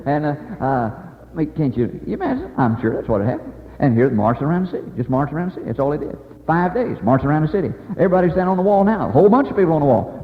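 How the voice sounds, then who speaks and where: Fast-talking preacher in a hall. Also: male voice, a little high. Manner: animated, acts out characters with many "uh" and "boy" fillers. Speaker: evangelist preacher. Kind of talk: folksy sermon storytelling. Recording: tinny phone-like sound in a large reverberant hall.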